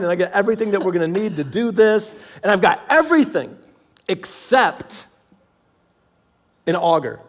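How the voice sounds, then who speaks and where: A man's voice: sits high, brisk. A man preaching in church, telling a humorous personal story and acting out both sides of a conversation in a self-mocking way. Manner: animated, self-mocking storyteller who acts out dialogue. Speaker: pastor. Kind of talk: storytelling sermon. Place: church sanctuary.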